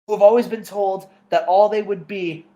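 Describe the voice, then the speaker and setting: A man's voice: sits high, fairly even intonation, moderate pace, warm tone, voice pushed up, close to an everyday voice. A man voicing a triumphant masked wrestling champion, speaking in a raised, earnest promo voice. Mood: heartfelt.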